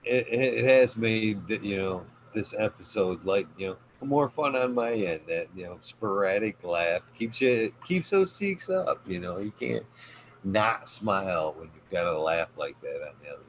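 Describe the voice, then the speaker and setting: Man, very low voice, casual podcast host, lots of fillers, faint ambience. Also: expressive, a little slow, slight background noise, rough recording. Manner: rambling, many fillers, warm thanks.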